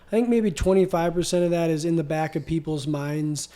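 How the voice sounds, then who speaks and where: A man's voice: a little high, a little fast, warm tone. A man co-hosting a casual business podcast, talking in a reflective, hesitant way and often repeating words. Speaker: co-host.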